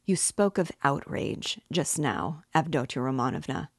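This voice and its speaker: A slow, low-voiced, obsessive male nobleman who presses his case with quiet intensity, as a woman reads him out in a storybook reading. The delivery is unhurried and dry, close to the mic with no room around it. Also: vocal fry, slightly rough, no echo, exaggerated voice. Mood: cold, mocking. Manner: slow, quietly intense pleading turning coldly mocking. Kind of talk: audiobook reading.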